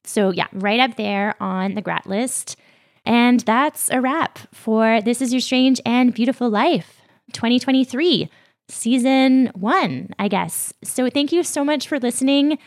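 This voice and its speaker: A woman hosting her own podcast, talking warmly and heartfelt as she thanks her listeners, a little teary. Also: fairly high pitch, unhurried. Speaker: podcast host. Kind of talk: casual solo podcast talk.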